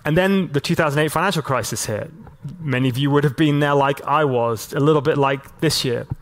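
A man preaching a sermon as a pastor, talking in a relaxed, conversational way with lots of casual fillers and slowing right down to stress key lines. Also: fairly high pitch. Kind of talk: sermon to a church and online audience.

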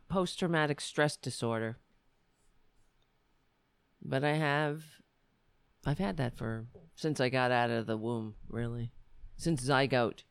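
An American woman comedian delivers a sardonic, rambling stand-up style monologue in a smooth, rumbling low voice. The recording is dry.

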